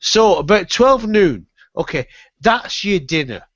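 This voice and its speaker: A man co-hosting a stream who teases his friend and lectures him in mock-serious tones. His voice is high for a man and swoops all over the place. The mic sounds dry and a bit dull. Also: big pitch swings, unhurried, fairly bright tone, no echo. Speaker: stream co-host. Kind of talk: casual chat. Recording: dry, slightly muffled mic.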